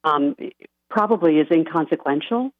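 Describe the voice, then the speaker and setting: A woman guest on a radio interview, a life coach, talking softly and earnestly and laughing lightly now and then. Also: low voice, lively intonation, moderate pace, no echo. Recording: dry tinny phone-line sound.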